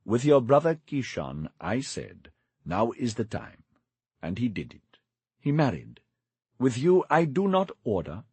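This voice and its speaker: A man's voice: mid-range voice, big pitch swings, unhurried, warm tone, slightly rough, dry recording, exaggerated voice. A man reading as a scheming old village grandmother. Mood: coaxing.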